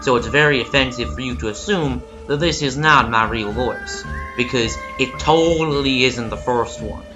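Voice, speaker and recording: A man drawls in a put-on American cowboy accent, mock-serious and joking through his prediction. His pitch sits at a middling level, and music plays clearly behind him. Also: low-quality recording. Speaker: video commentator. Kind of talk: comedic prediction monologue.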